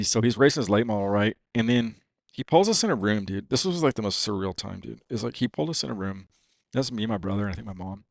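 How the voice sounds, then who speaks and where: A man's voice: fairly low pitch, creaky, no room sound, clean studio sound. A man on a podcast telling a long personal story in casual, profane talk, full of "dude" and "you know what I mean.". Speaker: podcast guest.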